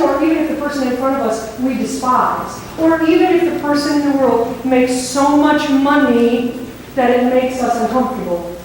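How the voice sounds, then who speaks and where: Lady preacher telling a story from the pulpit, kinda far off, big echoey room, faint hum. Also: high voice. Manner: conversational storytelling, animated. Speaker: pastor. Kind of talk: sermon. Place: church sanctuary. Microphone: microphone that cut out.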